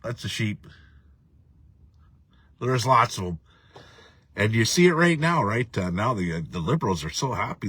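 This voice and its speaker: This man hosts a casual live stream, rambling and swearing as he reads viewer comments and laughs a lot. His voice is on the low side, husky, and a bit bright. It's casual, ranting live chat.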